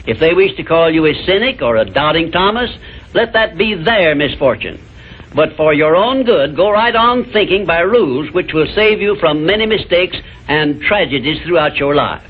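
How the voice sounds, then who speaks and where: Husky man lecturing over a tinny line. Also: high-pitched. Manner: measured, emphatic, didactic. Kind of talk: motivational lecture. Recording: tinny lo-fi archival recording.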